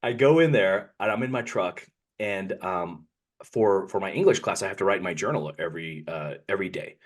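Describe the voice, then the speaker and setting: A podcast co-host with a low voice speaks at normal speed while telling a long personal story. He's casual and rambling, often correcting himself mid-sentence.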